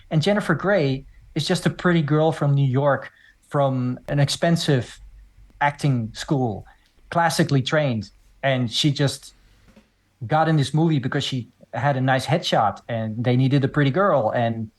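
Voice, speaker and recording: A man hosting a casual film podcast, explaining the plot in long, steady runs. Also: mid-range voice. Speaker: podcast host.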